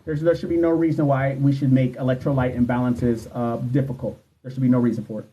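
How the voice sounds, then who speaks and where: A man's voice: mid-range voice, level tone, quick pace, mellow, lo-fi sound. A man in his thirties, a nursing exam coach, chatting casually and profanely on a livestream while answering viewer questions. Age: 30s. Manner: candid, profane, talks straight to viewers. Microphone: phone livestream.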